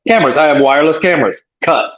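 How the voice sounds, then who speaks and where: A man co-hosts a live stream over a remote connection, rambling, cracking jokes and laughing readily. He races along in a slightly high, expressive voice with a fairly bright tone, heard through dull, lo-fi call audio.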